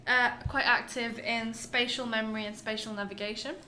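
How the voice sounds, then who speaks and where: A woman's voice: a little high, steady tone, bright, forceful tone, a little hiss or hum. A woman co-hosting a casual science podcast, explaining a research paper and laughing often. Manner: explanatory, giggly, quick to laugh.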